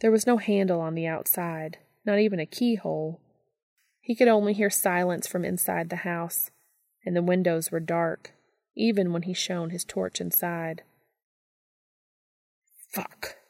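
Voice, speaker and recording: Woman narrating audiobook chapter, slight vocal fry, dry close mic, even pace. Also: on the low side, normal speed, dry recording. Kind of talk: fan fiction audiobook reading.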